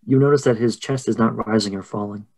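A man running a tabletop horror game as game master, narrating in a relaxed way full of fillers. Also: on the low side, fast talker, rough recording.

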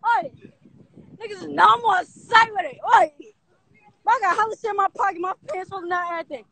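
A young woman with a very high, bright voice chatters loudly into a phone camera outdoors. Her talk is playful and excited, and she talks over her friends while she films. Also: a little fast, low-quality recording. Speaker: vlogger filming a prank. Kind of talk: excited casual vlog chatter.

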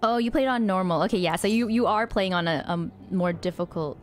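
A woman giving live gameplay commentary, excitable and breathless, shrieking and gasping as she plays. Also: medium pitch, brisk, slight background noise. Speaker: gamer streamer. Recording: game music playing loudly behind.

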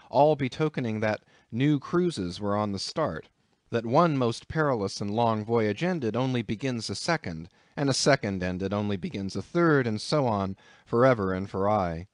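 Man, audiobook narrator, expressive, measured, mid pitch, dry close sound. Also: no echo.

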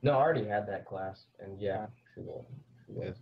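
A man's voice: sits low, a little fast, gravelly, phone-quality sound. A young man chatting casually over a voice call, joking and hesitant. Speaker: guest. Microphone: computer mic on a voice call.

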